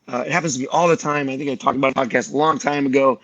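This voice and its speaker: A man's voice: mid-range voice, very fast, no echo, muffled recording. A man on a podcast, talking casually and animatedly, acting out the people in his stories. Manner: animated storyteller, acts out quoted voices. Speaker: martial arts teacher guest.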